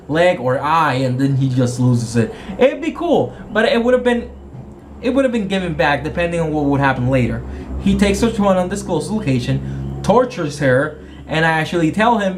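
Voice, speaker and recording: A man with a somewhat high voice retells a tabletop game session he ran as game master. He rambles and corrects himself as he goes. Faint ambience sits under his voice. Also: a little hiss or hum.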